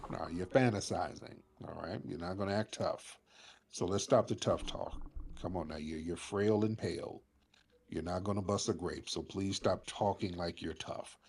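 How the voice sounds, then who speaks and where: A man's voice: low-pitched, slight background noise. A man hosting a live call-in show who mocks and talks down to an angry caller. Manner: mocking, condescending, lively. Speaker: show host. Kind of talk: heated call-in argument.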